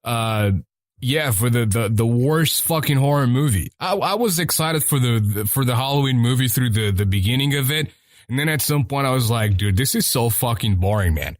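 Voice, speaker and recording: A man's voice: medium pitch, normal speed, no echo, studio quality. A man hosting a podcast in casual chat, rambling and swearing freely as he rants. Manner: rambling and profane. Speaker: podcast host.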